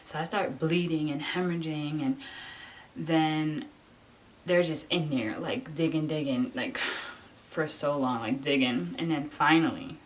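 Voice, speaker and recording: A young woman vlogger telling a personal story in a casual way, animated, often saying "like" and acting out what others said. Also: deep voice, unhurried, a little hiss or hum. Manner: animated, acts out voices of nurses and husband; fills talk with "like".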